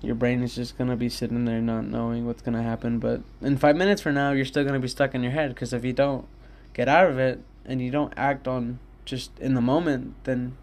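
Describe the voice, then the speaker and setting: A man's voice: mid-range voice, little pitch movement, a little fast, few pauses, darkish tone. A young man in his own room, rambling candidly and swearing often in a casual solo talk to his listeners. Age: young adult. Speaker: podcast host.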